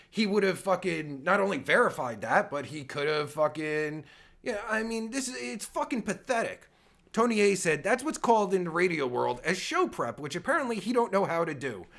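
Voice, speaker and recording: A man's voice: high voice, vocal fry, a bit bright. A man ranting angrily and sarcastically as he reacts to a podcast clip, swearing constantly. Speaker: podcast host reacting to a recording. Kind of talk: profane ranting commentary.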